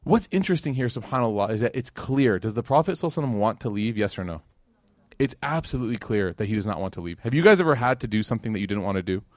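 A man's voice: fairly low pitch, expressive, racing, a little mellow, dry recording. A man from Chicago, in his thirties, giving a casual, conversational religious lecture to a live audience, full of fillers and questions to the crowd. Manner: chatty, uses many fillers like "like" and "you know", asks the audience questions. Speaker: Islamic lecturer.

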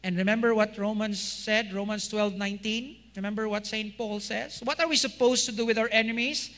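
A male pastor preaching a sermon, asking rhetorical questions and swinging between loud emphasis and quiet, low endings. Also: steady tone, a little fast. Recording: long hall reverb.

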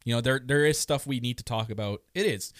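Male podcast co-host, excitable and jokey, recorded close and dry. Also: mid-range voice, quick pace, dry recording. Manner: excitable, joking, many restarts. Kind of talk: casual wrestling chat.

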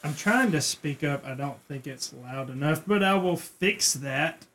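A man's voice: on the high side, expressive, unhurried, a bit bright. Laid-back podcast co-host man. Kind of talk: casual podcast chat. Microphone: podcast microphone.

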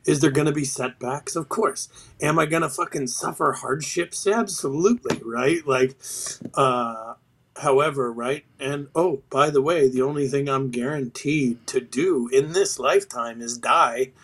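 A man's voice: medium pitch, unhurried, fairly bright tone. A middle-aged man talks as a podcast guest. He speaks bluntly and swears freely while he tells stories. His voice sits in a plain mid range. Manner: blunt, profane, storytelling. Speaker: podcast guest, retired sergeant major. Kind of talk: casual interview chat.

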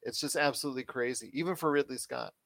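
A man's voice: mid-range voice, fast, gravelly, fairly bright tone. A man hosting a pop culture podcast, chatting casually and stressing his points with repetition. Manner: chatty, emphatic, repeats points. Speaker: podcast host.

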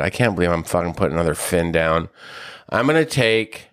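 A man co-hosting a casual golf podcast, his voice sitting a little low. He rants in playful mock anger, swearing at his friend as they haggle over picks. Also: expressive, a little fast, fairly bright tone, clear, resonant tone, no room sound, clean studio sound. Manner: mock-angry ranting, swears, teasing. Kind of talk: casual chat.

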